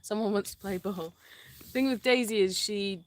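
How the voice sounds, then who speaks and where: A woman's voice: mid-range voice, normal speed. A woman co-hosting a casual live stream from an animal sanctuary. She talks in a chatty, hesitant way with many "um"s and breaks off to talk to the dogs. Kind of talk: casual live-stream chat, reading viewer comments.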